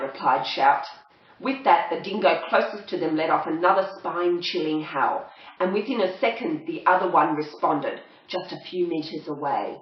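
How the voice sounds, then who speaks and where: A woman reading a children's story aloud, doing lively voices for the animals. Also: normal speed. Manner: lively character voices with big pitch jumps. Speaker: audiobook reader. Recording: roomy lo-fi home recording.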